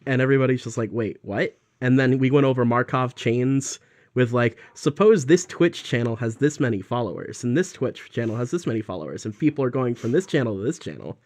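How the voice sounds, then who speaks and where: A young man co-hosting a podcast in casual chat, telling animated stories, laughing often and acting out quotes. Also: medium pitch, brisk. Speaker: podcast co-host.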